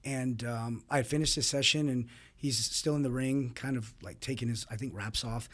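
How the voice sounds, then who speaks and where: A man, a fight coach appearing as a guest, telling stories in casual interview chat with frequent laughs and quick asides. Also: medium pitch. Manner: animated storyteller, laughs often, quick asides.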